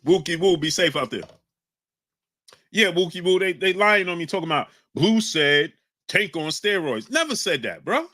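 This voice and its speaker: A man's voice: sits high, big pitch swings, normal speed. A man hosting a live stream, reading out chat names and arguing hotly with viewers. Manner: combative, shouts out chat names. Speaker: livestream host reading chat. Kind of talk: heated live-stream talk.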